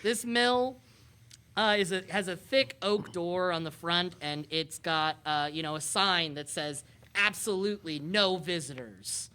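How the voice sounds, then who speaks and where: A woman's voice: lowish voice, fairly even intonation, measured pace, bright, forceful tone, clear, resonant tone. A woman narrating a tabletop game as game master, rambling with plenty of ums. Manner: rambling, lots of ums and uhs.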